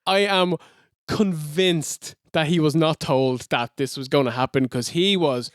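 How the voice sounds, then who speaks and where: A man co-hosting a podcast, animated and giggly, often mimicking the people he describes. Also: a little high, measured pace, no room sound, clean studio sound. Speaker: podcast co-host. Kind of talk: casual wrestling review chat.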